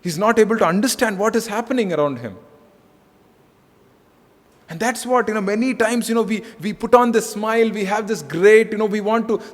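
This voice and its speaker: In an echoey hall, a male pastor delivers a conversational sermon in a high, brisk voice. He repeats phrases and keeps saying "you know."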